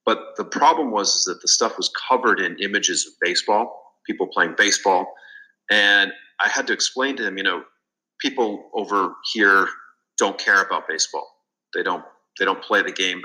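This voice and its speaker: Man, deep voice, sharp forceful tone, earnest interview guest. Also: normal speed, low-quality recording. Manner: earnest storytelling with fillers and restarts. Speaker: guest, business consultant. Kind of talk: casual interview.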